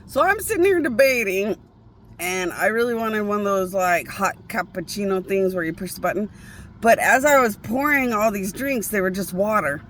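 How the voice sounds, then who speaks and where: A woman's voice: mid-range voice, lively intonation, moderate pace, a bit bright, a little hiss or hum. A woman vlogging a casual, rambling monologue, profane and often breaking off to restart her sentences.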